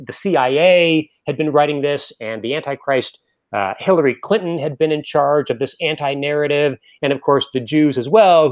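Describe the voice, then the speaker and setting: A man telling a comic story to an audience, with dry, deadpan delivery and frequent restarts. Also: fairly high pitch, low-quality recording.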